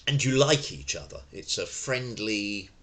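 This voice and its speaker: A man's voice: fairly low pitch, unhurried, fairly bright tone. An older man from London, teaching a self-defence lesson in a chatty, digressive way with frequent fillers and self-corrections. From London, England. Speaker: tai chi and self-defence instructor. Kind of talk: informal spoken lesson.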